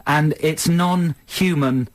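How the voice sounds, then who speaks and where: A man's voice: on the high side, takes it slowly, no room sound. A British man co-hosting a comedy radio show in a studio, teasing callers in a playful, mock-grand way. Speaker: radio host.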